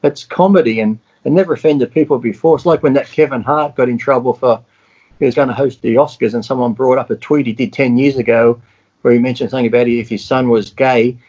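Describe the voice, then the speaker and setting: A man's voice: mid-range voice, fairly even intonation, fast talker, darkish tone, breathy edge. A man in casual chat, blunt and profane, telling stories with animation. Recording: dull lo-fi sound.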